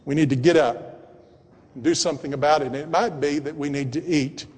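A man preaching a sermon and reading scripture, emphatic and building to loud appeals. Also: fairly high pitch, steady tone, brisk. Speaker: pastor. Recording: long hall reverb.

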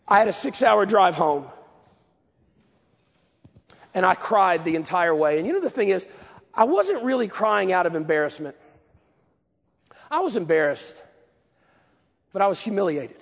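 A man preaching a sermon, telling a story in a lively, self-mocking way. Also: sits high, normal speed, vocal fry, long pauses. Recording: lo-fi, echoey hall.

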